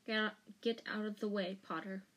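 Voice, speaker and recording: A woman voicing a cold, spiteful male professor in a fan audiobook reading, with slow, soft, silky menace. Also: mid-range voice, fairly even intonation, natural voice. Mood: menacing.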